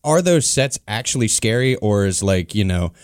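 A man co-hosting a podcast in casual banter, jokey and quick to riff. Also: on the low side, expressive, no echo. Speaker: podcast co-host.

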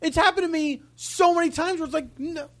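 A man's voice: extremely high pitch, a little fast. A man talking as a podcast guest, emphatic and indignant, saying "like" often. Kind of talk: casual podcast chat.

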